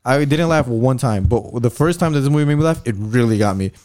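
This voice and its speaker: A man talks loosely on a casual podcast, swearing often and tripping over repeated words as he goes. His voice sits at an ordinary middle pitch. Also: expressive, quick pace, a little mellow. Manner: rambling, profane, repeats words and restarts. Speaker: podcast co-host. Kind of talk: casual chat.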